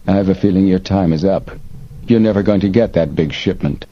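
A captured detective answers in a weak yet clear and steady voice, refusing to give in, as a man acts him out. His tone is low and faint, and the storybook recording has a muffled sound with a soft hiss. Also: brisk, close to an everyday voice. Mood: defiant. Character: captive male detective, weak but defiant.

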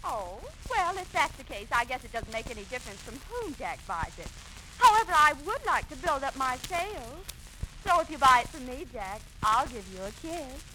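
A woman's voice: high-pitched, sing-song, moderate pace, sharp tone, a little hiss or hum, exaggerated voice, poor audio. Sugary, coaxing young woman. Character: sweet, coaxing young woman selling bonds. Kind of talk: 1940s radio comedy acting.

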